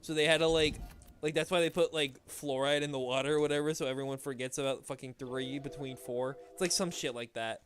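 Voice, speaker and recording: A young man chats while streaming a game, rambling in a relaxed way full of swearing and filler words. His voice is medium-pitched and steady, and he talks fairly quickly.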